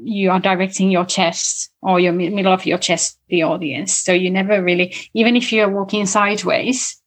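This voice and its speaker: A woman guest in an interview, explaining communication skills in a lively conversational way and demonstrating tones of voice as she talks. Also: medium pitch, moderate pace. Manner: animated, explains with spoken demonstrations.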